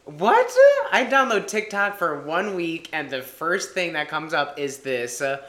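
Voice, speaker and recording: Playful, rambling man podcast co-host, bright tone, echoey apartment room. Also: on the high side, unhurried. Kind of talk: casual chat.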